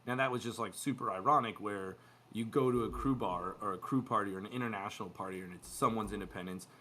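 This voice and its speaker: A man co-hosting a podcast, chatting casually about crew life and acting out quoted dialogue in lively bits. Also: on the low side, fast talker, a little hiss or hum. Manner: animated, acts out quoted dialogue. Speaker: podcast co-host, former cruise ship youth staff. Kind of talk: casual storytelling chat.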